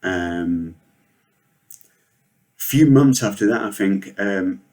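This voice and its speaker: Deadpan, sweary man. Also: deep voice, drawn-out words. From Northwest England. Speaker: comedian. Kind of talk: comedic storytelling monologue.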